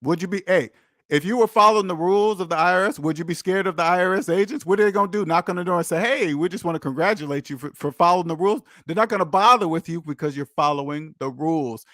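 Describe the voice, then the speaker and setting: A man's voice: high voice, fast talker, a bit bright, no room sound, studio quality. A man hosting a personal finance channel, lecturing his viewers in an emphatic, repetitive monologue. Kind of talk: preachy direct-to-camera monologue.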